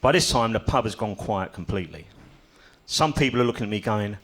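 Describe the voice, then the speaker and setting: A man's voice: on the low side, lively intonation, brisk, a bit bright. An older man doing a stand-up comedy set on a club stage, telling stories with dry, self-mocking humor.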